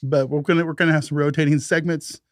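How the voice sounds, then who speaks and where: A man with a voice a touch higher than most, joking around as he co-hosts a casual gaming podcast. He swears freely and laughs often, and the recording is close and dry with no room sound. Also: flat delivery, fast, no echo. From United States. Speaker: podcast co-host. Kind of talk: casual chat.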